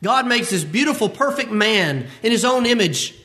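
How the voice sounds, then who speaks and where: A man delivers a sermon in a high, bright voice. He preaches with emphasis, repeating his points and mixing in personal stories. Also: animated, normal speed. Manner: emphatic, repetitive preaching with vivid personal asides. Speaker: pastor.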